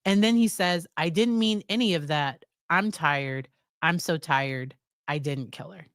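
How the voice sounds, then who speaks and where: A woman's voice: low-pitched, a little slow, fairly bright tone, no echo, clean studio sound. An American woman psychologist casually recapping a series, chatty, with fillers and quoted lines. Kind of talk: casual spoken review.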